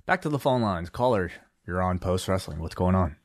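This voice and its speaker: A man with a low voice hosting a call-in talk show. He moves briskly between callers and news items. The sound is dry and close. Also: animated, no echo. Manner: brisk, takes calls and reads news items. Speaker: podcast host.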